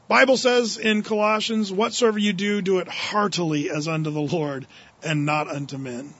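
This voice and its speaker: A man's voice: high voice, a bit bright, husky, muffled recording. A male pastor giving a humorous, anecdotal sermon at a Wednesday evening church service, chuckling often.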